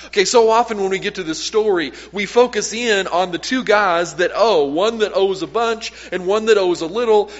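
A male pastor preaching a sermon in a conversational way, often trailing off quietly at the ends of lines. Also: high voice. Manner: conversational, self-correcting, drops to quiet at line ends. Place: church sanctuary. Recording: echoey hall, dull lo-fi sound.

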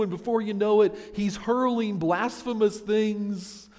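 A man's voice: high voice, fairly even intonation, normal speed, few pauses, darkish tone, long reverb tail. A man preaching a sermon in a conversational way, asking his listeners rhetorical questions. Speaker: pastor.

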